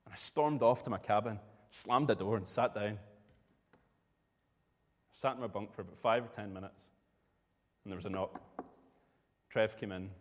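A man's voice: on the low side, moderate pace, long pauses, big-room sound. A man preaching a sermon, telling a personal story in a conversational way.

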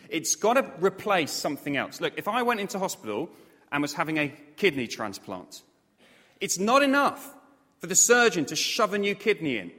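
A man preaching a sermon, animated and self-mocking, with jokey asides to the congregation. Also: sits high. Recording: long hall reverb.

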